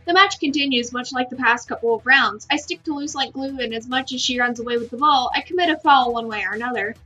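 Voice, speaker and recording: A woman reading a visual novel aloud in first-person narration, steady with small stumbles. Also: high voice. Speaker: game reader. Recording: slightly muffled with faint music.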